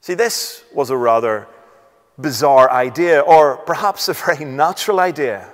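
A man's voice: medium pitch, normal speed, long reverb tail. A man preaching a sermon, asking rhetorical questions, reading scripture aloud and stressing points emphatically.

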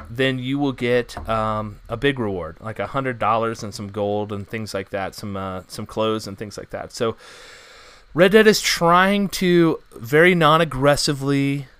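A man hosting a gaming podcast runs through the news in a loose, rambling way, full of "um"s. His voice is bright and smooth. The sound is close and dry. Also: medium pitch, no echo. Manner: rambling, filler-heavy, upbeat. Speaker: podcast host. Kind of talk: casual gaming news chat.

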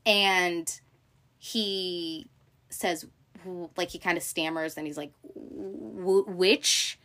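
A woman hosting a casual recap, talking in an animated, profane way with many fillers and acted-out quotes. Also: on the low side, takes it slowly. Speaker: podcast host recapping a TV show. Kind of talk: casual chat.

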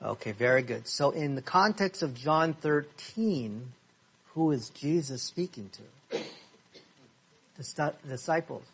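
Slow, husky-voiced Bible class teacher. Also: male voice, a little high, lively intonation, fairly bright tone. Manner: asks the class questions and repeats verses slowly. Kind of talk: interactive Bible study lesson. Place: church classroom.

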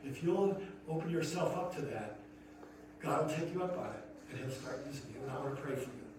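A man's voice: a little high, animated, fairly quick. A man, a pastor, preaching a sermon in an earnest storytelling manner that rises to emphatic questions. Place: church sanctuary. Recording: echoey hall from far off, noisy.

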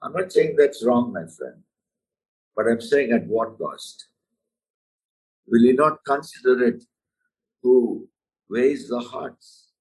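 A man's voice: mid-range voice, animated, takes it slowly, pauses often, darkish tone, far from the mic, rough recording. A man preaching a sermon, earnest and emphatic, often calling the listener "my friend".

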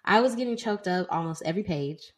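Chatty young woman, lowish voice. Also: animated, fast talker. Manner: chatty, heavy use of "like" and "y'all". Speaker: podcast co-host. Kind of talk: casual book chat.

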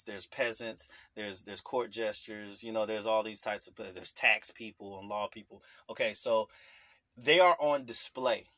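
A man's voice: fairly low pitch, fairly bright tone. A man talking earnestly about family and money, repeating phrases with an emphatic, preacher-like cadence. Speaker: speaker sharing life lessons. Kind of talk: earnest personal talk.

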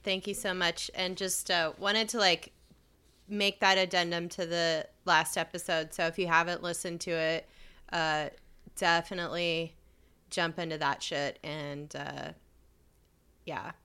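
A woman's voice: on the low side, level tone, unhurried, bright, forceful tone, clear, resonant tone. A woman co-hosting a podcast, talking casually, swearing and giving lots of short agreements. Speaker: podcast co-host.

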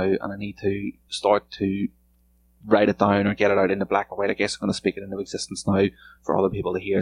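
A low, gravelly-voiced man talks alone on his podcast, drifting from point to point. He swears freely and stays laid-back, with very little lift in his pitch. Faint noise sits under the recording. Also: low-quality recording. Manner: rambling, profane and laid-back. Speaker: podcast host. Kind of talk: solo podcast chat. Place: home room.

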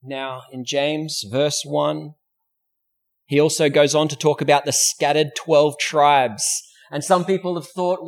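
A man's voice: fairly high pitch, fairly even intonation, measured pace. Man preaching a story-driven sermon. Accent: Australian. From Australia. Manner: storytelling preacher, acts out quoted voices; asks rhetorical questions. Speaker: pastor. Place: church.

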